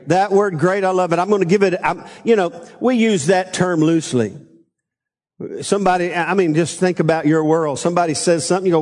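A male pastor with a notably high voice delivers a loose, conversational Sunday sermon. He regularly asks the congregation to say phrases back to him. His voice carries a long reverb from a church sanctuary. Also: a little fast, a little mellow. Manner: conversational preaching with call-and-response prompts.

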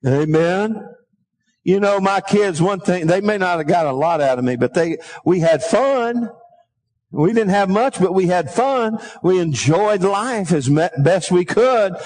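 Man, middle-aged, high voice, preaching, reading scripture, sing-song lilt, calls on the congregation. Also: expressive, unhurried, a little mellow, low-quality recording. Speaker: pastor. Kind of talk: sermon.

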